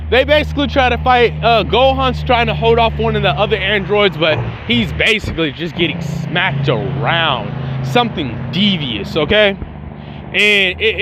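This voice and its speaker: A man with a notably high voice tells a fan story in a loose, casual way. He talks in slang and stays animated, dropping in mouth-made fight sounds as he goes. Traffic noise hums faintly outside. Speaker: fan channel host.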